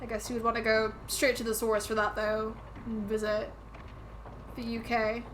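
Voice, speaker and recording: A woman's voice: a little high, flat delivery, moderate pace, fairly bright tone, a little hiss or hum. A woman streaming a video game and musing aloud in a rambling, casual way. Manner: rambling, musing, laughs at herself. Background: game music.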